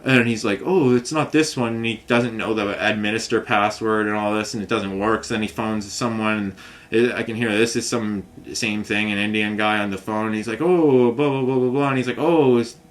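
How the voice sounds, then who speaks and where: A man's voice: steady tone, brisk, a bit bright. Rambling frustrated man telling a story. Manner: rambling, frustrated, mimics others with raised pitch. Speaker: vlogger telling a complaint story. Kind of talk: casual storytelling rant.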